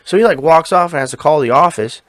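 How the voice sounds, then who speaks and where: Animated swearing man telling a story. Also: on the high side, fast, dry recording. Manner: animated, profane, acts out quoted dialogue. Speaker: podcast co-host. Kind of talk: casual storytelling chat.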